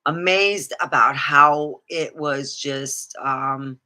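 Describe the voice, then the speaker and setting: A woman's voice: low-pitched, drawn-out words, sharp tone. A woman talking alone in her room in a rambling, swearing vlog monologue, laughing at her own jokes. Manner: rambling, swearing, jumps between topics. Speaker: vlogger.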